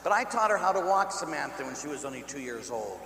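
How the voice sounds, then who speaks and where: A man, a priest from Pittsburgh, telling personal stories in a sermon, lively and laughing at times, then dropping to soft hushed tones. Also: a little high, fast, creaky. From Pittsburgh, USA. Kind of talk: storytelling sermon. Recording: echoey church hall with faint hum.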